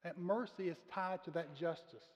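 Male pastor preaching in a reverberant hall. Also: high-pitched. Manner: earnest, measured preaching with slowed emphasis on key words. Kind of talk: sermon. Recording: muffled sound with long reverb of a large room.

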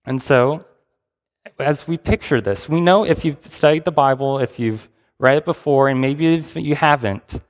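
A man's voice: mid-range voice, lively intonation, moderate pace, big-room sound. A man preaching a sermon, reading scripture and retelling it in a conversational way with restarts.

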